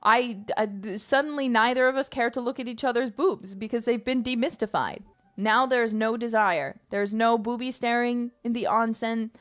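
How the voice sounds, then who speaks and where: A woman's voice: on the high side, steady tone, normal speed, a bit bright, soft background music. Playful, rambling woman streamer. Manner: playful, rambling, theatrical bursts. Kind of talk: casual live-stream chat.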